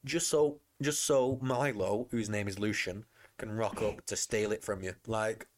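A man's voice: on the low side, measured pace, dry recording. A man co-hosting a casual film podcast, ranting and mocking the film as he drinks, with the hiccups. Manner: animated, swearing, mocking voices in quotes. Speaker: podcast co-host. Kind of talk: casual film commentary chat.

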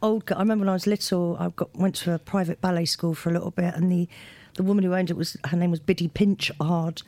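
A woman's voice: fairly low pitch, fairly even intonation, fast talker, a little mellow, no echo. A woman interviewer hosting a casual chat, enthusiastic and playful as she asks her guest questions. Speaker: interviewer host.

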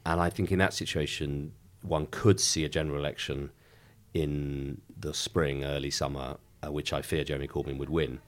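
A middle-aged man, a member of Parliament, giving a measured, emphatic political interview with frequent restarts. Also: very deep voice, little pitch movement.

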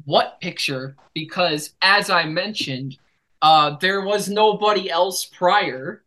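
Podcast host, male, bright edgy tone, boisterous and profane, laptop mic. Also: high voice, slow, poor audio. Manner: loud, joking, swears a lot. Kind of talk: casual chat.

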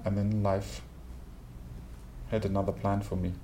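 Guest: German-accented man, very low gravelly voice, measured and reflective, light background hiss. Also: flat delivery, warm tone. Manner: thoughtful, searching for words with small restarts. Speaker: classical singer, guest. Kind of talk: reflective interview conversation. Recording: faint background noise.

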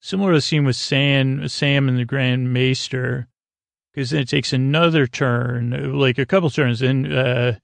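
A man's voice: mid-range voice, fairly even intonation, measured pace, creaky, no echo. A man hosting a podcast, rambling through a casual episode recap with lots of fillers and loose paraphrasing. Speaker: podcast host.

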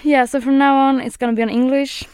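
A young woman with a Swedish accent chats in English on a podcast, laughing often and hunting for words. Her voice sits fairly high and is recorded dry and close, with no room sound. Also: little pitch movement, darkish tone, clear, resonant tone, dry recording. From Sweden. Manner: giggly, chatty, halting English. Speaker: podcast co-host. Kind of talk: casual chat.

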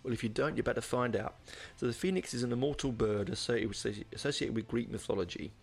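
A man's voice: mid-range voice, quick pace, creaky, husky, faint music behind. A man giving a casual album review, rambling and hesitant, with lots of ums and restarts. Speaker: music reviewer.

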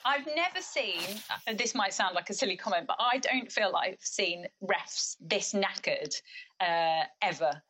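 A woman's voice: mid-range voice, a little slow, poor audio. A woman, chatting animatedly about football and acting out her own reactions. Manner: animated, reenacts shouting at the screen. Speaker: co-host discussing football. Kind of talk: casual chat.

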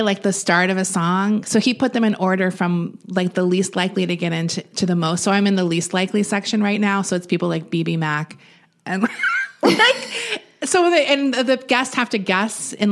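A woman co-hosting a podcast, chatting casually and rambling a little as she recommends a show, laughing easily. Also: lowish voice. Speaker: podcast co-host. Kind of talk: casual chat.

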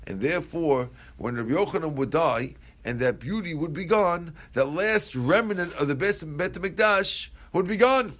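A man's voice: on the high side, lively intonation, normal speed, hardly any pauses, fairly bright tone. Man teaching Talmud in a casual way. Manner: conversational, questions the text aloud, answers students. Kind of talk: Talmud class, mixing Aramaic and English.

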